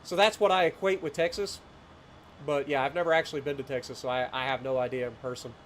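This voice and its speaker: A man's voice: mid-range voice, fairly even intonation, fast, slight background noise. A man in his late thirties with a rural southeastern Ohio accent, chatting casually and telling rambling stories on a gameplay livestream, with frequent chuckles. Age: late 30s. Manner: rambling storyteller, chuckles often, greets chat.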